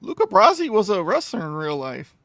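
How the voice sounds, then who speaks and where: A man's voice: high-pitched, wildly swooping pitch, brisk, fairly bright tone, no echo. A man co-hosting a casual chat show, chatty and bantering about movies and food. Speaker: podcast co-host.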